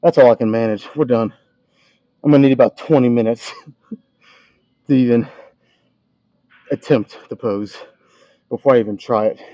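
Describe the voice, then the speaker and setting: A man's voice: mid-range voice, normal speed, long pauses, warm tone, dry recording, highs cut off. Winded man vlogging at the gym. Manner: candid, swears, talks between sets. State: out of breath. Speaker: fitness vlogger. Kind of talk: casual gym vlog. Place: gym by the dumbbell rack.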